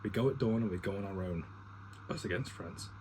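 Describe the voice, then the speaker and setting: Deep-voiced gruff officer, read plainly by a man; noisy home recording. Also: fairly quick, close to an everyday voice. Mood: commanding. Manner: plain reading, little acting. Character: gruff male army officer, commanding.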